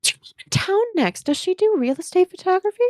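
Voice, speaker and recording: A showy, bubbly realtor mom gushes in a sing-song lilt, as a woman puts her on. The voice sits high and swoops all over. The sound is close and dry. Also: sing-song, normal speed, dry recording. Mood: gushing.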